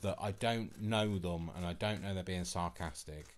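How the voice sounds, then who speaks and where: A man's voice: low-pitched, moderate pace. A man hosting his own channel, chatting casually and earnestly, rambling and restarting his sentences as he explains himself. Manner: rambling, earnest, self-correcting with many restarts. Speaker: channel host. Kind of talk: casual chat.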